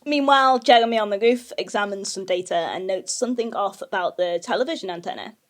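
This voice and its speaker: A woman's voice: medium pitch, quick pace. A woman co-hosting a podcast, casually recapping an episode and often laughing as she talks. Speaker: podcast co-host.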